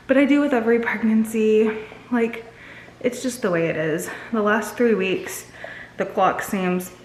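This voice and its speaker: A woman's voice: mid-range voice, slight background noise. A tired woman in her thirties chatting candidly to her viewers in a casual home vlog, rambling a little as she talks. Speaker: vlogger and mother. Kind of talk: casual chat to camera. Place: home, indoors on the stairs. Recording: roomy home recording.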